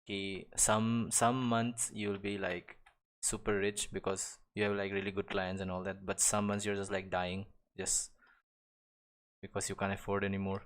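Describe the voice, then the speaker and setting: A man's voice: low voice, level tone, moderate pace, a bit bright. A young man chatting casually and rambling while he draws on a live stream, full of restarts and small chuckles. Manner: rambling, many restarts and fillers, chuckles often. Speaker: live-stream digital artist. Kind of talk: casual chat while drawing.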